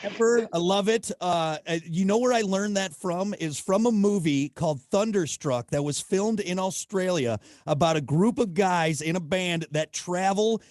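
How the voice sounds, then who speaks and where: A man hosts a relaxed interview in a fairly high voice. He is upbeat and playful, and the sound is dry and close. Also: moderate pace, few pauses, no echo. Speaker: host. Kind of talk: casual interview chat.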